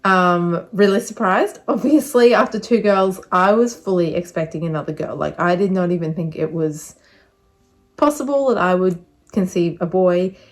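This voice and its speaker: A woman's voice: lowish voice, normal speed. A young woman giving a casual vlog update, chatty and rambling, a little out of breath. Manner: chatty, rambling with many fillers. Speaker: vlogger.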